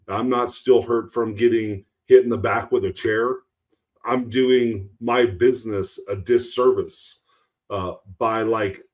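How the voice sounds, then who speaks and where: A man's voice: medium pitch, darkish tone. A man co-hosting a podcast, telling a story in an earnest, rambling way. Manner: earnest, rambling, with many restarts. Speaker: podcast co-host.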